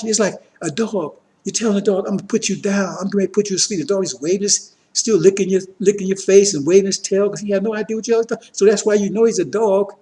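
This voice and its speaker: High-pitched man preaching emphatically. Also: a little mellow. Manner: emphatic, rhetorical questions, repeated tag checks with listeners. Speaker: religious teacher addressing a congregation. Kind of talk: preaching political lecture.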